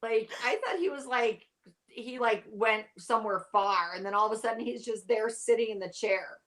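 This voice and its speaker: A woman's voice: fairly high pitch, moderate pace, a bit bright. A tired woman guest in a casual chat, rambling and saying "like" a lot. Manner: rambling, heavy use of "like". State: tired, yawning. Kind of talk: casual chat about a TV show.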